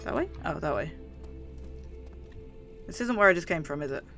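A gaming video host with a London accent and a slight lisp gives let's play commentary on a horror game, chatty and jumpy and swearing often. His mid-range voice is animated at a moderate pace. Music plays in the background.

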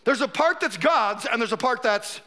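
Bright, high-voiced joking preacher man. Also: expressive, normal speed. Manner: conversational, joking, acts out quotes. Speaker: pastor. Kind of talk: sermon.

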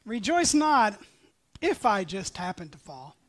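A man preaching a sermon as pastor, reading scripture with passion and moving between loud emphatic lines and hushed near-whispers. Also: high-pitched, sing-song, a little slow. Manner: reads scripture aloud with passion.

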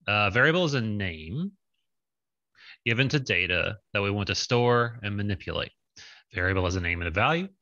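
A man with a lowish, forceful, bright voice walks students through a coding lab over a video call. He talks casually, thinks aloud and fills pauses with ums and uhs. The sound is dry and a little dull, like lo-fi call audio. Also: no room sound. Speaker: lab instructor. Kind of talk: online coding lab walkthrough. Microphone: video call with screen share.

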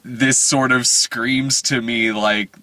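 Bright-voiced man ranting about a movie. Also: medium pitch, fairly even intonation, slow. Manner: rambling, profane, laughs often. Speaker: movie review podcast host. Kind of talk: casual movie review chat.

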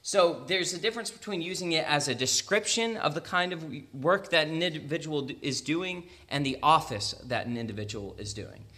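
Bright-voiced young American preacher. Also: male voice, on the high side, lively intonation. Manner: conversational, laughs often, quick asides and restarts. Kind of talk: sermon.

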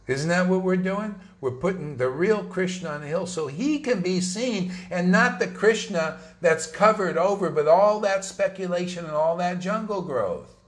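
A man's voice: sits high, moderate pace, hardly any pauses. A man giving an informal, emphatic sermon to his followers, talking conversationally with slangy asides. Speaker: spiritual teacher.

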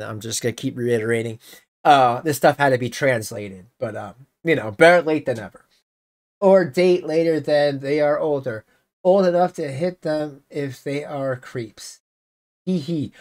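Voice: mid-range voice, normal speed. A channel host reading messages aloud in casual commentary, breaking in with exasperated, sarcastic remarks.

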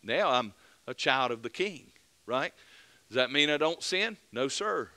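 A man preaching a fervent mid-week sermon as pastor, building to loud emphatic peaks and dropping back to earnest plain talk. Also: mid-range voice, animated, a little slow. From United States.

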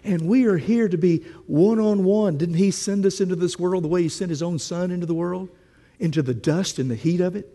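A man's voice: high voice, fairly quick, mellow, in a large hall. A man preaching a sermon, telling a story and asking the congregation questions in a conversational way.

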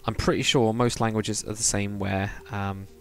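A man's voice: on the low side, steady tone, moderate pace. Chatty man streaming a game. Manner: rambling, laughs often, chats with viewers. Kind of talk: casual livestream chat while building in a game.

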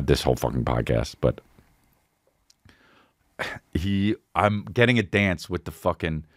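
A man's voice: low voice, a bit bright, no echo, studio quality. A man hosting a podcast, telling a story in casual, profane chat with bursts of laughter. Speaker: podcast host.

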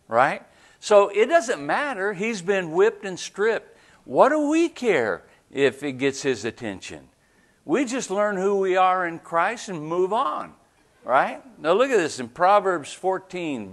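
Man preaching a casual sermon. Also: fairly high pitch. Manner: conversational preaching with frequent "right?" asides. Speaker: pastor. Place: church service.

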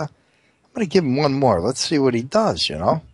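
A man telling crude jokes as an animated storyteller, doing many character voices. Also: mid-range voice, moderate pace, vocal fry, husky, no echo. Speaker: joke teller.

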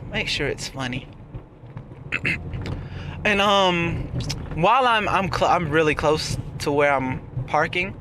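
A young man in a casual vlog, talking and ranting from inside his car while he drives, laughing often and trailing off into fillers. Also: sits high. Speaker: vlogger. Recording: car and road noise behind voice. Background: road and traffic noise.

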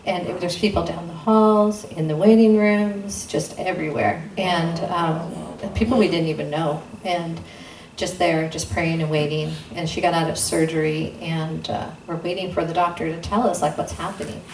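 This guest speaker, a woman with a lowish and slightly mellow voice, tells her testimony in a steady tone at a moderate pace, barely pausing. Earnest throughout, she re-enacts exchanges with sudden shifts in pitch. She's in an intimate church room, recorded by a distant mic that sounds roomy with faint noise.

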